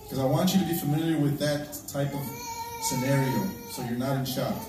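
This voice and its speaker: A man's voice: mid-range voice, a little fast. A man who serves as a church elder, leading a congregation through a security drill in a conversational way and often checking in with the audience. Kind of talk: addressing a congregation. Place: large echoey church hall, indoors. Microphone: distant livestream device. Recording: very echoey, distant, noisy live stream.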